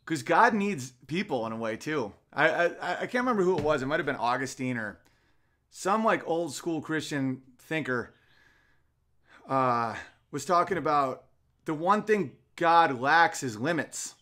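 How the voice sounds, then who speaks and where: A man in his thirties hosts a casual podcast, ranting and swearing freely between comments he reads aloud. His voice sits a touch high for a man, and he jumps from loud, heated outbursts to low mutters. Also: lively intonation, measured pace. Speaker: podcast host. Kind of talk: casual podcast rant, reading chat comments.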